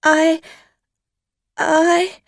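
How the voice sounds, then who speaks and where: Woman reader doing a stammering tipsy driver, high pleading voice, slow. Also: animated, gravelly, no room sound, studio quality, full character voice. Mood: flustered. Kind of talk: storybook reading.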